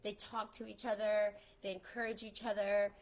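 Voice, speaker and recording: A young adult woman talking fast and chattily in a casual live stream, giving social media tips as a photographer. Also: medium pitch, flat delivery, rough recording. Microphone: phone or webcam on a live stream.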